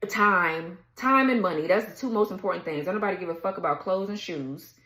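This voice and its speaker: A woman's voice: lowish voice, a little fast, a bit bright. Blunt, cursing woman in an echoey room. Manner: blunt, profane, heated, laughs mid-rant. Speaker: tarot reader. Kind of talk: casual ranting tarot reading.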